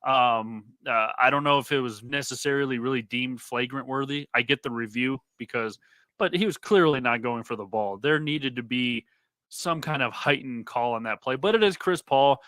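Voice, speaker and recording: Male co-host talking sports, bright tense tone, dry close recording, casual and hedging. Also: mid-range voice, moderate pace, dry recording. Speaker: podcast co-host.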